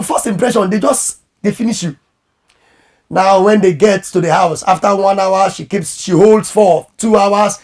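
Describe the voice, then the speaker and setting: A man who is a pastor and marriage coach, giving animated advice in conversation and acting out quoted voices. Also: high-pitched, vocal fry, breathy edge.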